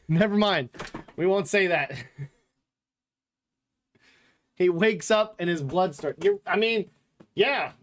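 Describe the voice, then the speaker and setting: Sports podcast host, male, higher voice, loose filler-heavy chat with blunt takes. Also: animated, measured pace, slight background noise. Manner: rambling, filler-heavy talk with frequent "like" and "literally"; blunt, joking opinions.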